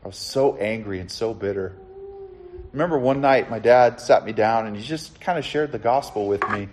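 A middle-aged man preaching a sermon, sharing his own testimony in an earnest storytelling way and slowing down to stress key lines. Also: lowish voice, darkish tone, a little hiss or hum. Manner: earnest, storytelling, builds to emphatic slow lines. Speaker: pastor.

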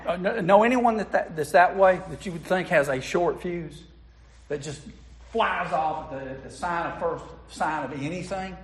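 A man preaching a sermon, telling stories in a folksy way and putting asides to the congregation. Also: fairly high pitch. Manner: folksy storytelling with audience asides.

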